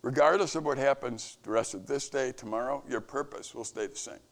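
A man giving an earnest devotional message to camp staff, preaching with rising and falling emphasis. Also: fairly quick. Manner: earnest, preaching, rises and falls in pitch. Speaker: camp leader.

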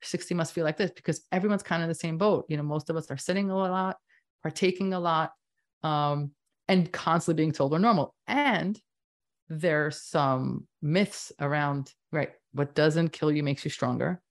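A woman in her fifties, a doctor speaking as a podcast guest, talking emphatically in animated bursts. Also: sits low, moderate pace. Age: 50s. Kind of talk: casual interview talk.

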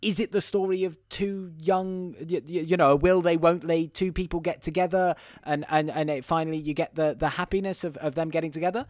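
A man's voice: on the high side, steady tone, brisk, hardly any pauses, darkish tone, no echo, clean studio sound. A man hosting a casual podcast, chatting animatedly about a film plot with self-deprecating asides. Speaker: podcast host and editor. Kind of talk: casual film review chat.

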